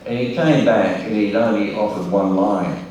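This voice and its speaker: A man's voice: on the low side, normal speed. An older man, telling wry anecdotes as a guest speaker at a ceremony. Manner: relaxed storyteller, wry humour, frequent restarts. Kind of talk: anecdotal speech at an awards ceremony. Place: large hall at a public ceremony. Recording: very echoey hall from far off.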